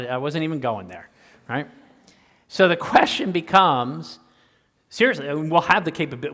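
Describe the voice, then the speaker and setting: A man's voice: mid-range voice, fairly bright tone. An older man answering questions in a lecture, talking conversationally and often tagging "right?" onto his sentences. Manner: conversational, keeps asking "right?". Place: lecture hall. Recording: reverberant lecture hall.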